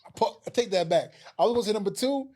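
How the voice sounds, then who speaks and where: A man's voice: high-pitched, expressive, rapid-fire, warm tone. A man, a boxer guest talking bluntly and laughing, often stammering. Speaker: heavyweight boxer, podcast guest. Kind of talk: casual chat.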